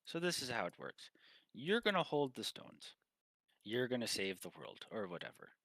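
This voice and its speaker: A man's voice: medium pitch, sing-song, moderate pace, a bit bright, no room sound. A man voicing a small, haughty ship captain who bargains bluntly. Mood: brusque.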